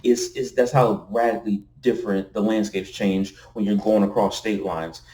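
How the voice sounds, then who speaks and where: A man's voice: fairly low pitch, a little mellow. A man vlogging casually to a camera indoors, rambling and repeating himself, often tossing in "you know what I'm saying". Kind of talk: casual rambling vlog talk. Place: indoors at night next to window blinds. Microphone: camera facing him.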